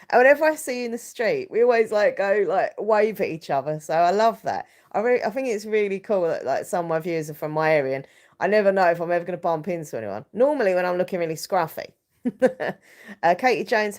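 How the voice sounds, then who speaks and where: A woman's voice: on the low side, a little mellow. A woman in her thirties, hosting a casual live stream, chatting in a rambling way with many fillers and restarts while reading out viewer comments.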